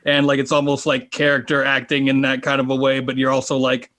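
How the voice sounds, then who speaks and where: A man's voice: mid-range voice, completely flat delivery, a little fast, fairly bright tone. Man, podcast guest, casual chat, rambling, filler-heavy. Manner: rambling, many fillers and restarts. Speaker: guest, tabletop game player and game master.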